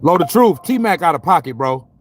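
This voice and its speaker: A man's voice: a little high, expressive, moderate pace. A man delivering a heated, profane sports rant, full of slang, repeats and restarts. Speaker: sports commentary vlogger.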